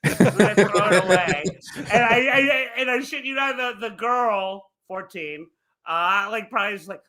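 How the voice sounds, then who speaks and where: A young adult man co-hosting a podcast, telling crude stories in casual comedic chat, animated and laughing as he goes. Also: high-pitched, moderate pace, over a noisy crowd. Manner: animated, swearing storyteller who laughs through his tales. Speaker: podcast co-host.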